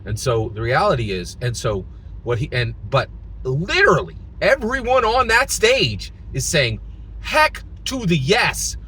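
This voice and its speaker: A man's voice: medium pitch, big pitch swings, a little slow, sharp tone, slight background noise. A man from Philadelphia giving casual political opinion commentary, emphatic, restarting phrases and tagging lines with "right?". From Philadelphia, United States.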